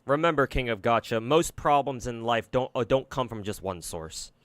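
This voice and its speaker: A man's voice: mid-range voice, expressive, normal speed, fairly bright tone, no echo. A man streaming and giving casual commentary on games, rambling and swearing a lot, with many fillers and restarts. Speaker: gacha game streamer.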